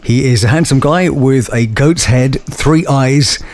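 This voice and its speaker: A man's voice: mid-range voice, unhurried, a little mellow, dry recording. A man, a voice actor talking enthusiastically and with self-mocking humour in an interview. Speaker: voice actor and guest. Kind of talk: animated interview chat.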